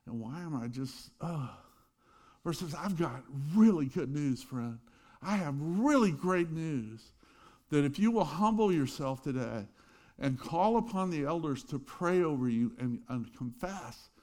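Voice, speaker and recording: A middle-aged man preaching a sermon, telling stories with loud bursts and quiet asides. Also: fairly high pitch. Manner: animated storytelling, swings between loud bursts and quiet asides. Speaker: pastor.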